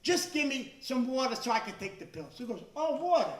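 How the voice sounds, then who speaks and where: An older man doing stand-up, growing exasperated and shouting his punchlines. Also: extremely high pitch, animated, brisk. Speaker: stand-up comedian. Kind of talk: stand-up routine. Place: club stage before a live audience. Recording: echoey room, far from the mic.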